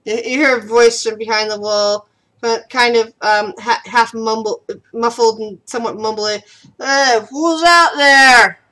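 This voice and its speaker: A woman's voice: fairly high pitch, little pitch movement, normal speed. A woman narrating a tabletop game as game master, often laughing and tripping over her words.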